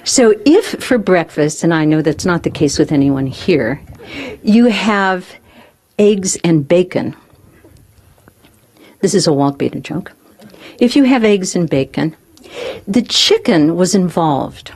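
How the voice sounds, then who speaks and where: Lively woman telling stories from her life. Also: fairly low pitch, slow pace, pauses often, slightly rough. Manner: lively, acts out remembered dialogue, laughs often. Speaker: spiritual community teacher giving a talk. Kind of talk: personal storytelling talk.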